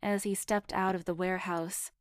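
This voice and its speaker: A woman reading a first-person erotic story aloud in a measured, intimate storytelling manner. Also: mid-range voice, flat delivery, dry recording, clean studio sound. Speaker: story reader.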